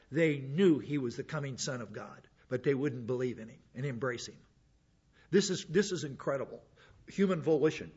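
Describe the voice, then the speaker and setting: Guy preaching a sermon, kinda husky, chatty w/ little laughs, muffled lo-fi recording. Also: a little high. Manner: conversational, chuckling asides, frequent uh fillers. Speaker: pastor.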